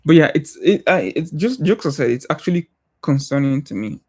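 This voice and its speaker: A young man with a non-American accent talks through his thoughts on a livestream. His voice is mellow and relaxed, and he speaks in a thoughtful, halting way with frequent pauses and restarts. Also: fairly high pitch, breathy edge. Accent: non-American English accent. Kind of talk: casual reflective livestream talk.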